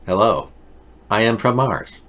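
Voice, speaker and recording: A man voicing a stiff, formal stranger who claims to be a Martian, speaking in flat, robotic phrasing. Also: on the low side, unhurried.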